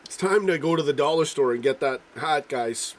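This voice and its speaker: A man runs a casual football chat stream, rambling and swearing while he reads comments from his audience. He talks at a normal speed with a fairly high pitch, frequently coughing and clearing his throat.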